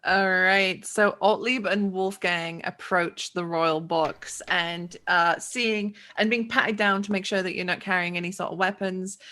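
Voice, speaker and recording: A woman's voice: lowish voice, steady tone, unhurried, hardly any pauses, sharp tone. A woman narrating a tabletop game as game master, chatty, with frequent fillers and laughs.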